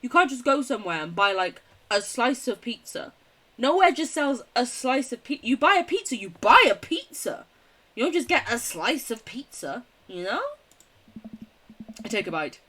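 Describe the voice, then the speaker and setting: A woman's voice: on the high side, sing-song, moderate pace, fairly bright tone. A young woman streaming a game, reading its text aloud and chatting casually, often giggling and swearing. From United Kingdom. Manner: giggly, swears casually, chats with chat between read lines.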